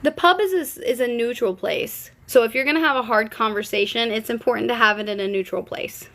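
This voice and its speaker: A young woman chatting live to her viewers in a gossipy, cheeky way. Her voice sits a little high, and she answers comments as she goes. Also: a little fast, fairly bright tone. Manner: cheeky, playful asides. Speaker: livestream host. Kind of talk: casual live-stream chat.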